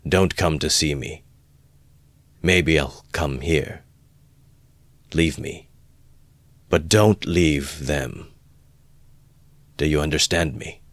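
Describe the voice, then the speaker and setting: A man with a very deep voice reading the lines of a feverish young man quietly and slowly, in a low mutter. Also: dry recording. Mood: grim. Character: feverish brooding young man, resolved and withdrawn.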